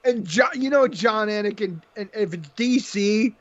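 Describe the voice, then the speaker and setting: A man's voice: high-pitched, muffled recording, a crowd in the background. A man co-hosting a casual podcast, joking and laughing while he runs through fight picks. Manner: joking, laughs often, quick banter. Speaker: podcast co-host.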